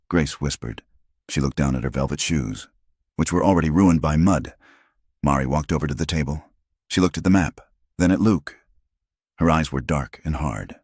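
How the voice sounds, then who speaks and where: Male narrator, very low voice, measured scripted storytelling, dry. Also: a little mellow, slightly rough, no room sound.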